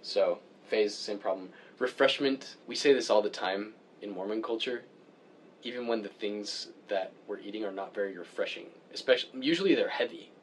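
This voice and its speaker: A man with a fairly low voice, talking casually and opinionated as he complains about things that bug him. He gets animated and his pitch jumps up when he is worked up. A faint hum of background noise sits under his voice. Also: normal speed. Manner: opinionated, grumbling about pet peeves. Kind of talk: casual chat.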